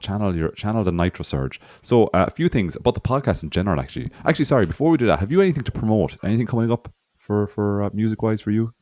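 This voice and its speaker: A man's voice: lowish voice, animated, rapid-fire, hardly any pauses, darkish tone, no room sound. A man co-hosting a podcast in casual chat, rambling and self-mocking, often laughing. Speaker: podcast co-host.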